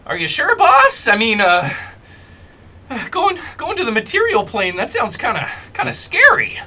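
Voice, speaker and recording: A man voicing a small, scrappy male fire-snake sidekick in a high, squeaky, nervous wise-guy voice. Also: wildly swooping pitch, a little slow, pushed and bright, heavily acted. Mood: eager.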